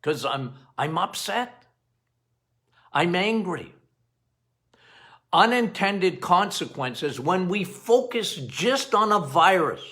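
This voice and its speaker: A middle-aged man, a doctor hosting a health podcast, talking straight to his listeners in an animated way, going off on tangents and repeating phrases for emphasis. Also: high-pitched, takes it slowly, pauses often. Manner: animated, talks straight to listeners, quotes patients in playful voices.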